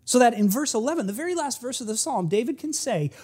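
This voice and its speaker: A man preaching a sermon as pastor, speaking conversationally and swinging between quiet asides and loud, emphatic peaks. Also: very high voice, expressive, quick pace, husky.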